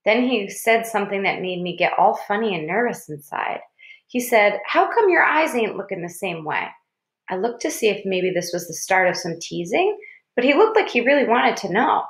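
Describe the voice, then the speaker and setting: A woman narrating a children's novel in a measured storytelling voice. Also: medium pitch, animated. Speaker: audiobook reader. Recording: roomy echo.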